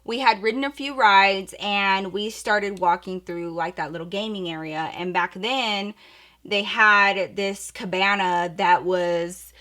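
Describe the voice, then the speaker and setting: A woman in her twenties casually telling a story while doing her makeup, animated and slangy, swinging from hushed asides to loud bursts. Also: medium pitch, unhurried. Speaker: vlogger.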